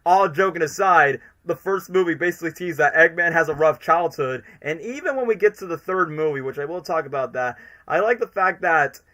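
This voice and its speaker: A man hosting a livestream, talking in an excitable, rambling way as an eager fan. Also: on the high side, fairly quick, few pauses. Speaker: streamer host. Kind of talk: casual livestream commentary.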